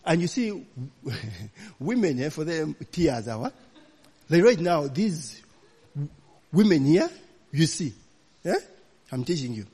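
Male preacher, a touch high-pitched, loose and laughing as he tells stories to the congregation, church hall with reverb. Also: very animated, takes it slowly, long pauses, dark tone, husky. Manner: chatty, laughing, peppers lines with "you know, eh?". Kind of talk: storytelling sermon.

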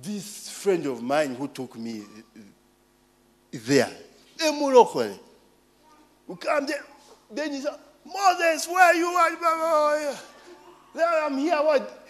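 Animated Ugandan man preaching a story. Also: high voice, slow, long pauses. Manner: animated storytelling, call-and-response asides. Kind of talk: sermon with personal stories.

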